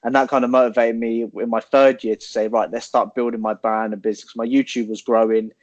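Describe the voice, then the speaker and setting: A man in his twenties, a guest telling his story in relaxed casual chat, rambling and swearing. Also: mid-range voice, a little fast, no echo. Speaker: podcast guest, online coach. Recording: dull, dry lo-fi sound.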